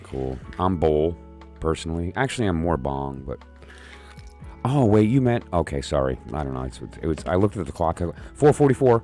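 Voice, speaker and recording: A man with a very low voice hosts a casual live stream from home, rambling and joking with his viewers. His pitch swings widely as he talks. Faint music plays underneath. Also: sing-song, moderate pace, warm tone. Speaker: live-stream host doing oracle and tarot readings.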